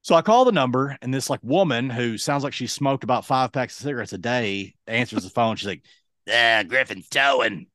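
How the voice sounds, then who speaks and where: A man's voice: mid-range voice, fairly quick, few pauses, no room sound, clean studio sound. A man in his late thirties telling a long story on a podcast, acting out what everyone said. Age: late 30s. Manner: animated, acts out quoted dialogue. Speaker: podcast host. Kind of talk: casual storytelling.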